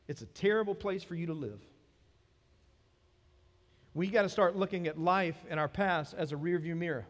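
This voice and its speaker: A man's voice: high-pitched, a bit bright. A man with a Southern American accent preaching a sermon as pastor of a church, in a conversational way that builds to emphatic points. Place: church sanctuary. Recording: long hall reverb.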